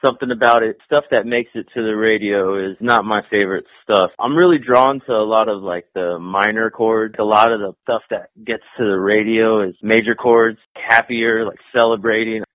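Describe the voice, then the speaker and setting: A man's voice: fairly low pitch, fairly even intonation, moderate pace, few pauses, no room sound. A man who works as a graffiti artist and painter, chatting casually in an interview, laid-back and profane, laughing often. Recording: dry, tinny phone-like sound.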